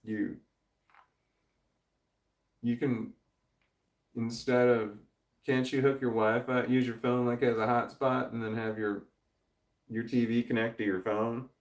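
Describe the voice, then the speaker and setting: Male livestream host, casual and rambling, frequent swearing and laughs, mid-pitched, echoey room. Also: little pitch movement, a little slow, pauses often. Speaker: livestream host reading chat. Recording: roomy echo.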